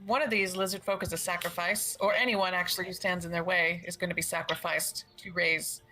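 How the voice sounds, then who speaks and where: A woman playing a tabletop game, talking quickly and offhand. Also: fairly low pitch, steady tone, pushed and bright, faint music behind, poor audio. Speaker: player. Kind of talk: casual tabletop game play.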